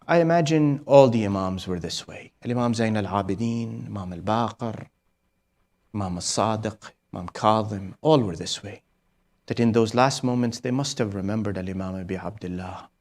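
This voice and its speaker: A man preaching a mourning sermon, telling a grave story to a gathering. He speaks mostly low and hushed, checks on his listeners with a questioning "hmm?", and now and then lifts his voice to a loud peak. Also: normal speed. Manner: storytelling with frequent "hmm?" prompts to the audience.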